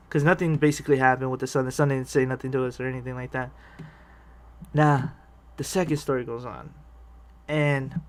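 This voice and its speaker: A man telling a rambling personal story on a vlog, swearing freely, restarting sentences and laughing often. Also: medium pitch. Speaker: vlogger telling personal stories. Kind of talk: casual storytelling.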